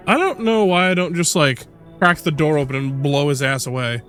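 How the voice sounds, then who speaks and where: A man's voice: fairly high pitch, normal speed, fairly bright tone, soft background music. A young man streaming a game, reading its lines and reacting in a casual, wry way and swearing freely. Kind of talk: gameplay commentary.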